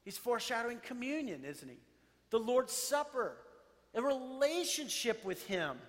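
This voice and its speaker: A man's voice: extremely high pitch, sing-song, normal speed, a bit bright. A man preaching a sermon, reading scripture and animatedly acting out the voices of the crowd. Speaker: pastor. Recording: long hall reverb.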